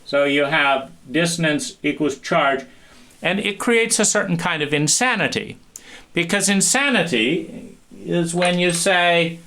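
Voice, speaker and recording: A man giving an animated talk, acting out small scenes and restarting phrases often. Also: on the high side, a little slow. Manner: animated, acts out little scenes with many restarts. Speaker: speaker. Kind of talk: lecture.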